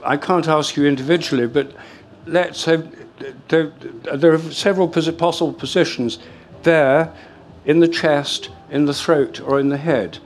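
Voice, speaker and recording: An older man giving a talk to a live audience in a lecture room, explaining in a measured way with frequent fillers and restarts. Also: fairly high pitch, fairly even intonation, soft background music.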